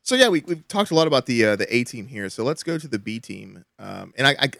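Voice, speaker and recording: A man hosts a relaxed podcast discussion, chatty and quick to laugh, often restarting his sentences. His voice sits at an ordinary middle pitch. The sound is dry and close, with no room around it. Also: vocal fry, dry recording. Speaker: podcast host. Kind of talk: casual chat.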